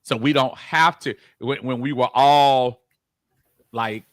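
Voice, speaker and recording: A man's voice: mid-range voice, fairly even intonation, slow pace, dry recording, studio quality. A man co-hosting a casual sports talk show, rambling with many restarts and laughing easily. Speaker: co-host.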